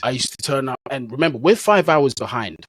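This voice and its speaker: A man's voice: mid-range voice, animated, brisk, no echo, low-quality recording. A man, a football content creator, telling stories in a casual, slang-heavy way as a guest in an interview. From England. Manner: easygoing, slang-heavy storyteller.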